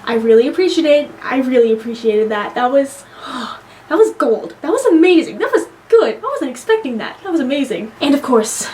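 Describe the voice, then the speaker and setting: A young adult woman giving a casual vlog movie review, excitable and gushing, swearing freely. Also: high-pitched, normal speed.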